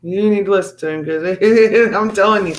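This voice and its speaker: A high-pitched man chatting casually as host of a live stream. He talks in an excitable, rambling way, tripping over his words and restarting his sentences. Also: moderate pace. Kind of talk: casual chat.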